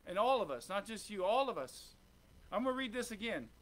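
A male pastor preaching with fervent call-and-response energy, firing questions at the congregation. His voice sits high and sounds bright and forceful. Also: sing-song, brisk. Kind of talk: sermon. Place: church sanctuary.

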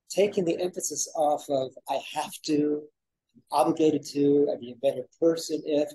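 Male co-host, mellow husky tone, earnest and reflective in spiritual talk. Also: on the high side, fairly even intonation, moderate pace, poor audio. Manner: reflective and earnest, gives aphorisms. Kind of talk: spiritual conversation.

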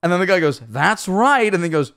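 A man's voice: a little high, steady tone, rapid-fire, smooth. A young man casually reacting to videos on stream, rambling, swearing freely and laughing often.

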